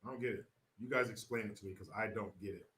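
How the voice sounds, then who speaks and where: A man's voice: on the low side, fast, sharp tone. Brash, profane male commentary host. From California. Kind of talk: live-stream commentary.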